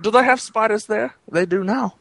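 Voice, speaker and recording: A man's voice: high-pitched, normal speed, vocal fry, a bit bright, no room sound. A man swearing and laughing in casual banter with his co-hosts. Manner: swears a lot, laughs often. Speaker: co-host of a prank call show.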